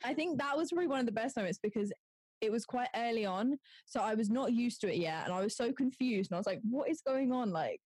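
A woman's voice: a little high, animated, fast talker, darkish tone, no room sound. A young woman, chatting as an interview guest and laughing often. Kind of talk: casual interview chat.

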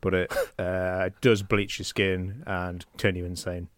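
A man's voice: low voice, flat delivery, slow, no echo. A man co-hosting a podcast, rambling through hesitant jokes in casual banter. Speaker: podcast co-host.

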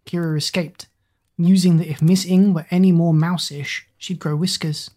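A woman narrates a story in an even, measured reading voice. Her pitch sits on the low side, and her delivery stays steady from line to line.

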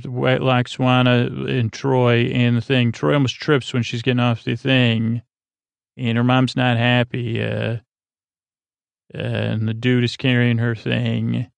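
A man's voice: medium pitch, vocal fry, no room sound. A man hosting a sleep podcast, drowsily recapping an episode in a meandering way, full of fillers. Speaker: podcast host.

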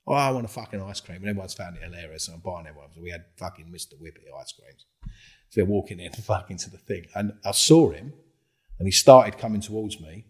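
An English man, once an undercover police officer, tells his stories in a relaxed interview. His voice is deep and a little breathy, and he talks fast, swearing constantly and acting out other people's lines in lively voices.

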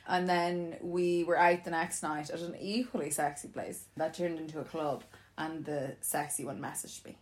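A young woman telling a story in casual chat, animated and laughing often as she acts out what people said. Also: sits low, normal speed.

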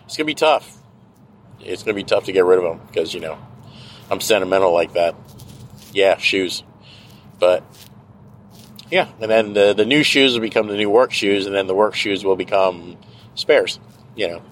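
A man's voice: sits low, moderate pace, long pauses, a little hiss or hum, poor audio. A middle-aged man hosting a podcast, ranting in a casual, sarcastic and profane monologue from his car. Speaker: podcast host. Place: car, driving.

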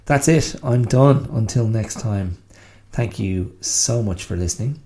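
A man's voice: lowish voice, a little slow, mellow. A man hosting his own solo podcast, talking in a wry, self-mocking, chatty way. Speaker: podcast host.

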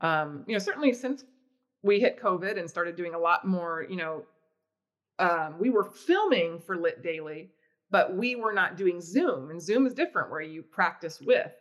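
A woman yoga teacher and co-host telling about her routine in a relaxed, chatty way. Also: fairly low pitch, moderate pace. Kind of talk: casual podcast chat.

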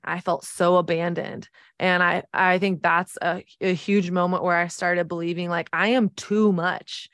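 Earnest woman in her thirties, low and dry. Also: a bit bright, dry recording. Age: 30s. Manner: earnest, reflective, with frequent "like" fillers. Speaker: podcast host. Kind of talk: personal storytelling.

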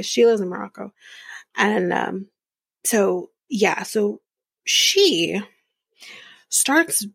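A woman's voice: mid-range voice, creaky, slightly rough, no echo. A woman hosting a podcast, recapping a reality show in a blunt, exasperated way and swearing freely. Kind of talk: casual recap commentary.

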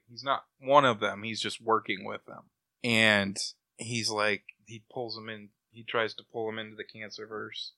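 Bright, dry-voiced man retelling a comic. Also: fairly low pitch, no echo. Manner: animated retelling, acts out quotes, laughs often. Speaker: comic book podcast panelist. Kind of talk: casual review chat.

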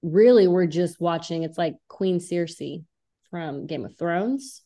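A woman's voice: on the low side, lively intonation, slow, warm tone. A woman podcast co-host giving her opinions in loose casual chat, with fillers and slang.

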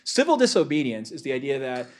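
A man's voice: mid-range voice, very animated, quick pace, darkish tone. A man giving a lecture in a casual way, with many filler words.

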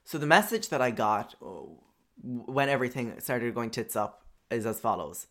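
A man's voice: medium pitch, expressive, moderate pace, fairly bright tone. A young man casually telling a personal story, chatty and profane, with lots of filler words.

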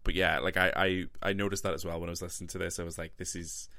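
A man's voice: deep voice, fairly even intonation, racing, creaky, pushed and bright, no room sound. A man hosting a music podcast, chatting in a laid-back way with dry, teasing humor. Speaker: podcast host. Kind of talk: casual podcast chat.

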